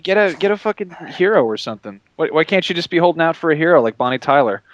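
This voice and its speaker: A man co-hosting a podcast in casual comedic chat, rambling and halting with lots of fillers. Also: a little high, lively intonation, highs cut off, background noise. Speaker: podcast co-host.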